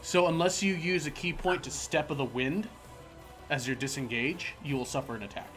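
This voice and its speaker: A man's voice: fairly high pitch, normal speed, fairly bright tone, faint music behind. Playful man running a tabletop game. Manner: playful, teasing rules explanations. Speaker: game master. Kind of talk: narrating a tabletop game online.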